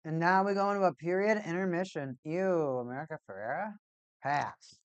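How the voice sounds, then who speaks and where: A woman's voice: fairly low pitch, moderate pace, clear, resonant tone, no room sound, dull audio. A woman hosting a casual hockey watch-party stream, rambling and joking and repeating herself as she chats to viewers. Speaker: livestream host.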